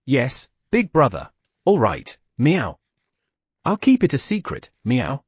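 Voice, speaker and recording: A man's voice: medium pitch, huge pitch swings, takes it slowly, husky, dry recording, studio quality, heavily acted. A man voicing a cheeky male cat who tacks meow onto his lines in an audiobook. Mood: coaxing. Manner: sulky, coaxing, adds meow.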